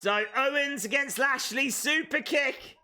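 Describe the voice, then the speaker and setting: A man with a high voice hosts a live watch-along stream. He reacts excitedly as things happen and calls out each move. His tone is bright and sharp. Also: measured pace.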